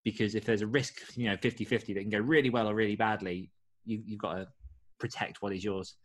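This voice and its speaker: Man from the uk, podcast host, lowish voice, friendly and measured. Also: fairly even intonation. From United Kingdom. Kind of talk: podcast chat.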